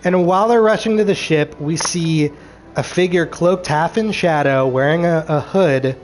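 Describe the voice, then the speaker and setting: A man's voice: on the high side, moderate pace. A man rambling through a show recap, exasperated and sarcastic, swearing freely as he picks apart the plot.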